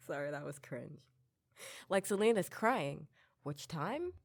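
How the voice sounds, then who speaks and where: A woman's voice: deep voice, lively intonation, slow pace, creaky. A young adult woman hosting her own podcast, giving a casual, joking commentary and laughing at herself often. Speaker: podcast host.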